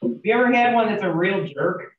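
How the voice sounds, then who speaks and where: Speaking briskly with lively intonation in a mid-range voice, a woman teaches a group of real estate agents in a training room. She's candid and chatty, telling stories and quizzing the class. It's captured in a dull, distant, roomy classroom recording.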